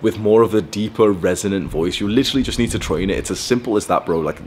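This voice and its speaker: A man's voice: fairly low pitch, fast talker, darkish tone, a little hiss or hum. A young man giving blunt, profane self-improvement advice in a casual, rambling monologue. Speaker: self-improvement video host.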